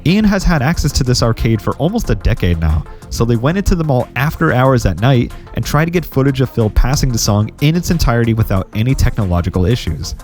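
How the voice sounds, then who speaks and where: A man narrating a scripted gaming history video in a steady, explanatory way. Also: medium pitch, fast, few pauses, faint music behind.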